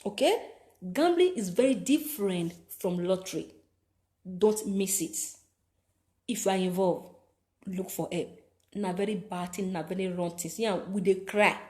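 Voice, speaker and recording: A woman's voice: mid-range voice, a little slow, pauses often, a little mellow. A woman with a Nigerian accent giving preachy life advice, repeating phrases for emphasis. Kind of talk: motivational talk to camera.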